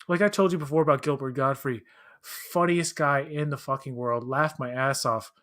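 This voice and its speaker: Man, casual chat, rambling, mid-pitched voice, watch-along co-host. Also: fairly even intonation, moderate pace, a bit bright. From Canada. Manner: rambling, many restarts and fillers, acts out quoted voices.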